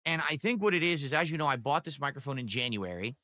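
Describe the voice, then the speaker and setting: A man's voice: mid-range voice, expressive, quick pace, sharp tone, dry recording, clean studio sound. A man rambling casually to his stream audience, with many fillers.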